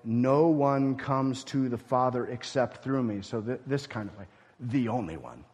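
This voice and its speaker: A man preaching a sermon as pastor, swinging from loud emphatic lines to hushed, near-whispered ones. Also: mid-range voice, animated, a little slow, slightly rough, big-room sound.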